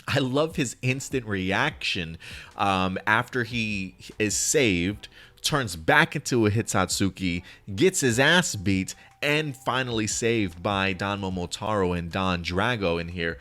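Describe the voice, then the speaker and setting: A man with a somewhat low voice talks through a show review to his viewers. He is upbeat and rambling, and he pads his thoughts with frequent fillers and restarts. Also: fairly bright tone. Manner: enthusiastic, rambling with many fillers. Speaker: host. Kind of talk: casual video review commentary.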